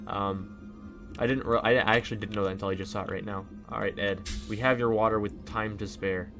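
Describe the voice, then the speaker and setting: A man's voice: on the low side, fairly even intonation, brisk, over music. A man giving casual, rambling gameplay commentary with lots of fillers. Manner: rambling, chatty, many fillers. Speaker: let's play host.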